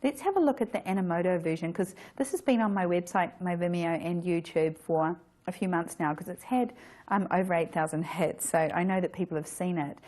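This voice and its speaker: A woman's voice: lowish voice, fairly quick, mellow. A woman photographer giving a casual workshop talk, chatty, with frequent restarts and self-corrections.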